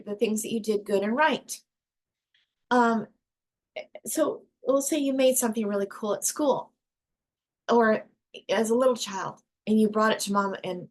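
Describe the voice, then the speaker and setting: An earnest woman leading a casual group discussion, her voice sitting somewhat high. She talks emphatically, often restarting her sentences as she works through a point. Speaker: discussion host.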